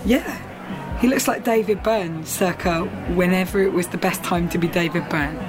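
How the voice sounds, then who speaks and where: A woman's voice: fairly low pitch, normal speed, music in the background, natural voice. An actress playing an awkward, chatty young Englishwoman with an Estuary accent, who rambles and puts herself down, both in scenes and in voice-over narration. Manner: chatty, rambling, self-deprecating. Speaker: lead character and narrator. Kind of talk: TV comedy acting with voice-over narration.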